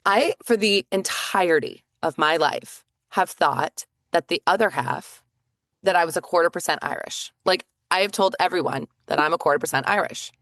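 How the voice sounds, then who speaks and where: A woman co-hosting a podcast, telling stories in casual chat with quick asides and lots of fillers. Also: fairly low pitch, a bit bright, dry recording, clean studio sound. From northeastern United States. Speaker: podcast co-host.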